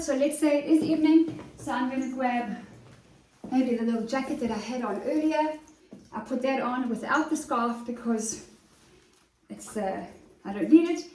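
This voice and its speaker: A woman's voice: high voice, dark tone. A woman, a confidence coach, chatting eagerly and straight to the viewer in a casual fashion vlog filmed in her home closet. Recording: roomy sound, voice from a distance.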